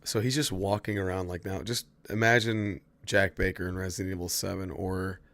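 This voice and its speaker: A man's voice: low-pitched, level tone, moderate pace, fairly bright tone, dry recording. A man casually chatting to his viewers while playing a horror game, swearing freely and answering chat. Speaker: streamer. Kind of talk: casual gameplay commentary.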